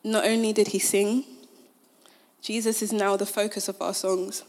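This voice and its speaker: A woman's voice: mid-range voice, level tone, moderate pace, a little mellow, slight background noise. A young woman giving a casual sermon. She is conversational, uses many fillers, and retells scripture in modern slang. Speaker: speaker at a Christian gathering.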